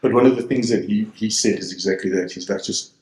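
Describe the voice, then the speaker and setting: A man in his forties with a very low voice, chatting loosely as a guest and circling back on himself with fillers and restarts. He is from South Africa and speaks over a video call. The sound is roomy, with a clear echo around the voice. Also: fast talker, darkish tone. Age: 40s. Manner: rambling, many fillers and restarts. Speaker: DJ and producer guest. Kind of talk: casual interview chat.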